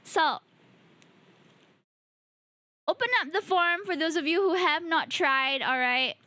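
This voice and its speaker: High bright chatty streamer woman. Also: slow, no echo. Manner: chatty and playful, addressing chat directly. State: tired. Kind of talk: casual live-stream chat.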